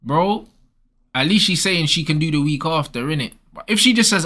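A man's voice: high-pitched, animated, moderate pace, sharp tone. A young man, ranting casually and bluntly with lots of slang as host. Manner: blunt, slangy, repeats "bro" and "bruv". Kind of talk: casual advice rant.

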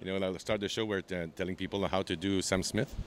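A man's voice: sits low, steady tone, fast talker, slight background noise. A man who works as a comedian and impressionist, chatting with lots of energy in an interview, laughing often and slipping into voices. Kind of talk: lively interview chat with sung impressions.

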